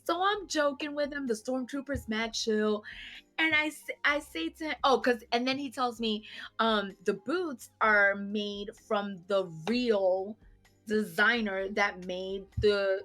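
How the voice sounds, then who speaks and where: Animated young woman telling a story. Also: fairly high pitch, slow pace, soft background music. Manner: animated anecdote telling, casual swearing. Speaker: podcast co-host. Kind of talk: casual chat.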